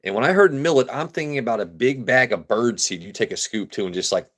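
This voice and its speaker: A man's voice: medium pitch, lively intonation, fast, a bit bright. An American man hosting a live stream, joking loosely with his chat and repeating himself as he reads comments. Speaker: livestream host reviewing whiskey.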